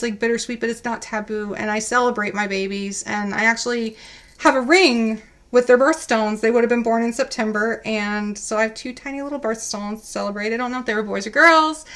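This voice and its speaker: A young adult woman telling a personal story as an interview guest, candid and heartfelt. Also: a little high. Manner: candid, heartfelt, often rehashing dialogue in lively quoted voices.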